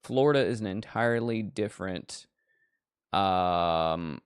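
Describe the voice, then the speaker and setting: A man's voice: sits low, slow pace, smooth, no room sound, clean studio sound. Rambling, foul-mouthed male horror show host. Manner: profane, digressive, animated storyteller. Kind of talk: casual rambling chat.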